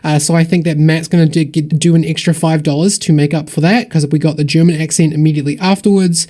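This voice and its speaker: A man with a slightly high voice hosts a charity stream and reads out donors one after another. His delivery is upbeat and rambling, and he keeps thanking people. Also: steady tone, fast, dark tone. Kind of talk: casual livestream donation shout-outs.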